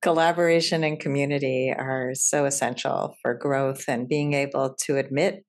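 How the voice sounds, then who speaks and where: Low-voiced woman host, affirming. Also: fairly even intonation, normal speed. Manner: reflective, affirming, builds on the guest's points. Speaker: interview host. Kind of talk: casual interview conversation.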